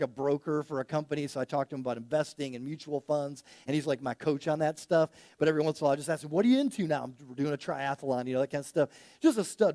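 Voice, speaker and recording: A man with a notably high voice preaches in a relaxed, conversational way, weaving a personal story into his sermon. He gets louder and more animated when acting out the people in his anecdotes. The sound is close and dry, with little room echo. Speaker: pastor.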